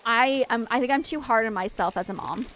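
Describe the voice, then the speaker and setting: In a fairly high, fairly bright voice, a young adult woman talks briskly while hosting a game stream. Her casual chat meanders, with plenty of "like" and many restarts. The recording carries a little hiss or hum.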